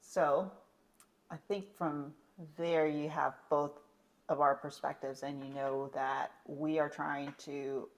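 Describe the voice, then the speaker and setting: A young woman co-hosts a relaxed podcast, her voice sitting low for a woman. She talks in a chatty, meandering way, trailing into ums and restarts as she thinks aloud. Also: slow. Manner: chatty, rambling with fillers. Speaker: podcast co-host. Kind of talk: casual podcast chat.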